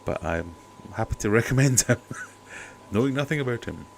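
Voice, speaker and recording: A man's voice: mid-range voice, lively intonation, moderate pace, creaky, a little hiss or hum. A man hosting a casual aquarium livestream, chatty and skeptical, talking over a cheap microphone at home. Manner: chatty, skeptical, jokey asides. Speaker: aquarium channel host. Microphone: cheap desk mic.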